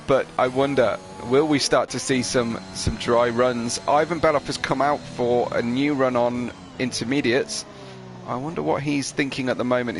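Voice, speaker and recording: Over slight background noise, a medium-pitched man commentates on an online racing qualifying session. He's chatty, reads viewer messages aloud and uses frequent fillers.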